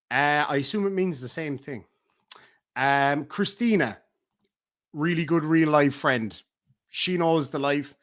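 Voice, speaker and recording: A middle-aged Irish man ranting on a livestream, profane and taunting, swinging between loud outbursts and low mutters. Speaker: streamer. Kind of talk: heated livestream rant.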